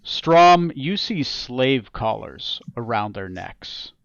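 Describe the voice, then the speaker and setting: A man narrating as game master, relaxed and full of fillers and repeated words. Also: mid-range voice, takes it slowly, gravelly, no echo, lo-fi sound.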